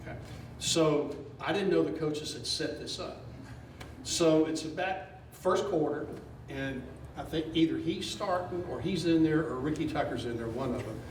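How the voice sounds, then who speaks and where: A man, a former player and assistant coach, telling an animated story on a panel and laughing as he goes. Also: a little high, normal speed. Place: event hall with an audience. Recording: echoey room from far off with noise.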